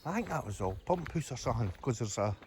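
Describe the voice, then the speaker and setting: Mellow Scottish man on an outdoor walk. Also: mid-range voice, very animated, fast, slight background noise. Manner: chatty, rambling, talks to his dog. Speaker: vlogger. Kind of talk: casual walking vlog narration. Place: outdoors by a reservoir. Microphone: handheld camera. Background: birds and outdoor sounds.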